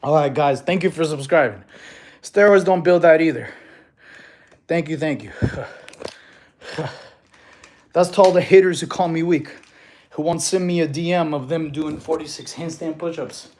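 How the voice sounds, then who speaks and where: A man's voice: a little high, normal speed, long pauses, a little mellow, a little hiss or hum. A man coaching fitness on a casual livestream, laughing often and answering chat questions, filmed on a tripod camera.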